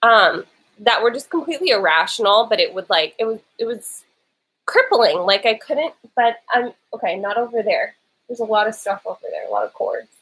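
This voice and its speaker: A woman's voice: a little high, lively intonation, moderate pace, fairly bright tone, breathy edge, low-quality recording. A woman vlogger with a lingering cough chatting casually during a live Q&A, sitting on her bed and talking into an old laptop's built-in mic. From lives in Los Angeles. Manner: chatty, interrupted by her small son. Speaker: vlogger answering viewer questions live.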